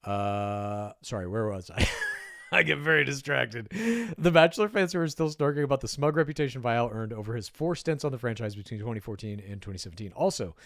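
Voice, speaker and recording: A man's voice: mid-range voice, expressive, brisk, a bit bright, no room sound, studio quality. A man giving casual, wry commentary while reading an article aloud, often drifting off on tangents and swearing now and then. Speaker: pop culture commentator.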